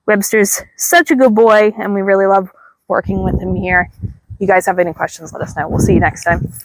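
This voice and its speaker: A woman dog trainer outdoors calmly explaining leash work, breaking into high, drawn-out praise for the dog. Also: no room sound. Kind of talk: instructional dog training demo.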